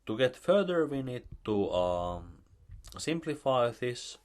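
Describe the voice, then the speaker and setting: Male math lecturer, Finnish accent, slow and halting delivery with a varied pitch. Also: sing-song, a little mellow. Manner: slow, halting, with many fillers.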